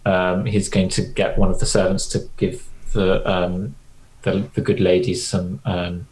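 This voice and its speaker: A man playing a tabletop role-playing game, explaining his character's choices in a deliberate, thinking-aloud way. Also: low-pitched, level tone, darkish tone, poor audio. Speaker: player. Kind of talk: casual tabletop game talk.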